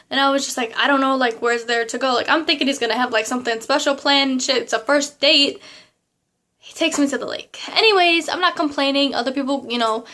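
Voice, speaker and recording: A young woman, telling a story to camera in a casual, animated way full of fillers and asides. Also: sits high, fairly quick. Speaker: vlogger.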